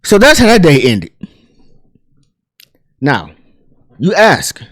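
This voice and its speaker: A man hosting a pop culture commentary channel, telling a story in a chatty, animated way full of asides and fillers. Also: on the high side, slow, no echo, clean studio sound. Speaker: host.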